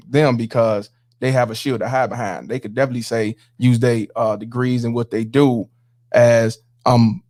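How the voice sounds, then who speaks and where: A man's voice: mid-range voice, a little mellow. A man hosting a casual podcast chat, emphatic and preachy, often repeating his phrases. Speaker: podcast host.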